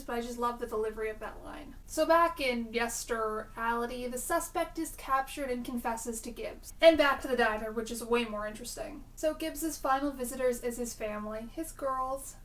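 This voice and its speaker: Young woman vlogger, high voice, sarcastic and chatty, slightly off-mic. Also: recorded from a distance, slight background noise. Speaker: TV episode reviewer. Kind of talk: casual video review.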